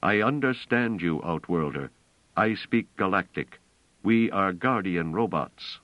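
A man voicing a cold, incisive male guardian robot that speaks in flat, commanding, formal sentences in an audiobook. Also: sits low, unhurried, no room sound, dull audio.

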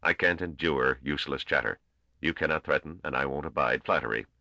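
Narrator doing a squeaky, scornful old ruler, clipped and cold, dull cassette sound. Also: male voice, a little fast, pushed and bright, no room sound, exaggerated voice. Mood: curt. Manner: snapping, intoning, coldly formal. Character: small old balding male ruler, scornful and curt. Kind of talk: audiobook character voice.

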